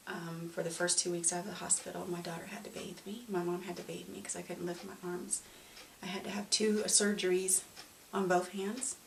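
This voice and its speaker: A woman telling her own story in an interview, halting and emotional, with frequent restarts. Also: on the low side, vocal fry. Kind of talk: personal testimony. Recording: roomy, distant mic, faint noise.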